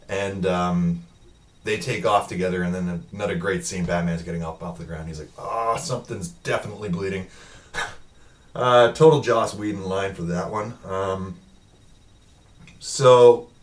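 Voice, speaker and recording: A man's voice: sits low, far from the mic. A man giving a casual, rambling film review recap, with lots of ums and uhs, quoting the characters in his own voice.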